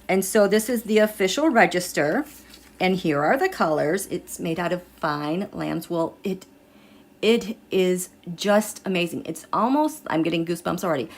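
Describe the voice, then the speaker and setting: Middle-aged lady doing a tarot livestream, chatty and gushy, keeps restarting her sentences. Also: medium pitch. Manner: chatty, emotional, halting restarts. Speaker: tarot and astrology livestream host. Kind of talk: casual live chat.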